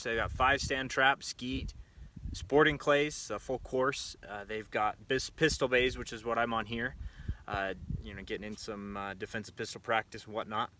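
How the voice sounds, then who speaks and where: Bright-voiced man chatting casually. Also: mid-range voice. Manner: conversational, many fillers and restarts. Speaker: shooting coach and show host. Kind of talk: casual talk to camera. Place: outdoor pistol range.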